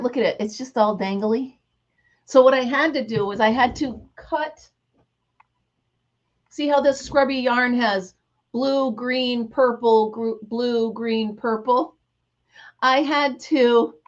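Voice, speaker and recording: A woman's voice: a little high, dull audio. A middle-aged woman hosting a casual craft livestream, telling stories with animation and greeting viewers by name. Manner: animated storyteller, reads out viewer names. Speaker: livestream host.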